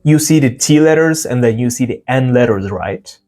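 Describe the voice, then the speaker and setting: A man giving a casual pronunciation lesson, explaining sounds and slowly repeating example words to demonstrate them. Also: mid-range voice, animated, darkish tone, faint music behind. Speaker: English pronunciation teacher.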